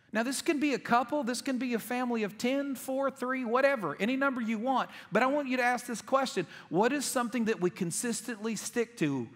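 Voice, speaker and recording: A man with a high, bright-toned voice preaches in a joking, chatty storytelling way. His voice rings with the long reverb of a large church hall, and he keeps things light and self-mocking. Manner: jokey, conversational storytelling. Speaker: pastor. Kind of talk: humorous sermon. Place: church auditorium.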